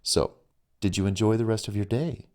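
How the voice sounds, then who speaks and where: A man voicing a calm, courteous male suitor in an audiobook. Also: lowish voice, moderate pace, natural voice. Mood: gentle. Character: smooth attentive suitor on a phone call. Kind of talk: audiobook reading.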